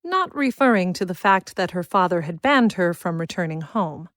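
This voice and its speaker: A woman reading a children's fantasy story aloud in a measured, expressive style. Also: fairly low pitch, dry recording. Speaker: narrator. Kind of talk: scripted audiobook narration.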